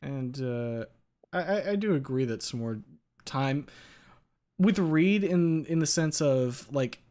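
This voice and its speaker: A hesitant, thoughtful man hosting a casual chat, talking at a mid pitch. He circles his points with many filler words and restarts. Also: lively intonation, takes it slowly, dark tone. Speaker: podcast host.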